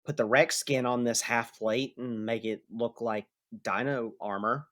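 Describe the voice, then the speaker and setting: Man doing a quiet, easygoing shopkeeper, mumbled, slow. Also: mid-range voice, steady tone, dry recording, clean studio sound, close to an everyday voice. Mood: offering.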